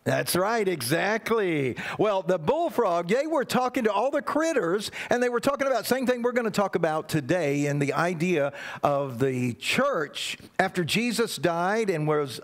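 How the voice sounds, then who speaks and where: In a church sanctuary, a man serving as guest pastor leads the service, telling a playful children's story and guiding the congregation. His voice sits high.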